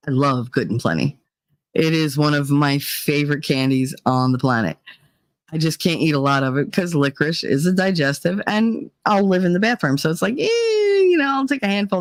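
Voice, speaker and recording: Brief: chatty middle-aged woman, lively storyteller, dry close-up sound. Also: deep voice, no echo, low-quality recording. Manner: animated storytelling, acting out quotes. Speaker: vlogger. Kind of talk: casual monologue vlog.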